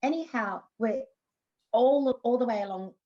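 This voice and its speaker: A woman's voice: fairly high pitch, measured pace, highs cut off. An Australian woman in her fifties, a former TV actress, chatting through anecdotes in an interview with frequent restarts. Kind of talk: casual interview storytelling.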